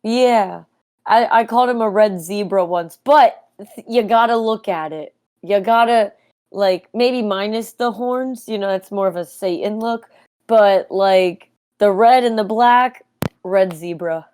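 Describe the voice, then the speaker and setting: A woman's voice: medium pitch, measured pace, darkish tone, smooth. A woman co-hosting a casual movie-review podcast, giggling and joking at her own expense. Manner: giggly, self-deprecating. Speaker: podcast co-host. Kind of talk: casual chat.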